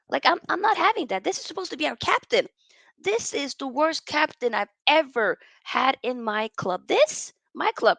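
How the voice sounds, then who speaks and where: A woman hosts a casual livestream and gives her opinions bluntly, in slang. Her voice sits a little high and carries a gravelly fry. The sound is dry, with no room echo. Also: lively intonation, brisk, a bit bright. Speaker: host reading viewer comments.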